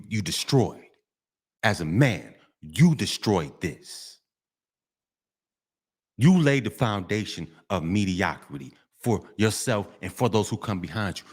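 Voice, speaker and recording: A middle-aged man, delivering a street monologue vlog, preachy and repetitive, often breaking into sing-song refrains. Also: fairly low pitch. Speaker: vlogger.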